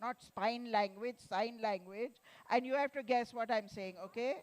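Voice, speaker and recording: A woman author leading a playful, interactive session with children at a festival, coaxing them with slow prompts. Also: a little high. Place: festival venue.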